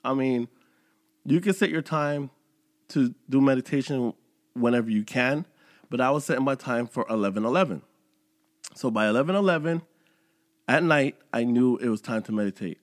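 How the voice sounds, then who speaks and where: A podcast host in his thirties delivers a motivational monologue, conversational and animated, bringing his inner voice to life as he speaks. His mid-range voice moves at a moderate pace with frequent pauses, and the studio sound is clean with no echo.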